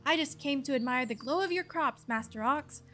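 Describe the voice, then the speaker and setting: Woman reading as a sly flattering witch. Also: high voice, moderate pace, faint music behind. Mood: prying.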